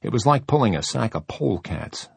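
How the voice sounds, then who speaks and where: A man's voice: fairly low pitch, big pitch swings, a little fast, vocal fry, breathy edge, dry recording, pitched above the performer's own voice, full character voice. A man voicing a wry, weary male state trooper, matter-of-fact.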